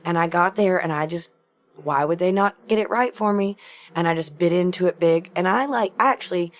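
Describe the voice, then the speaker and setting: Animated, laughing woman telling stories. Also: on the low side, fairly quick. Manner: animated, laughs often, swears freely. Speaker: podcast guest, musician. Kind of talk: casual storytelling chat. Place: tour bus.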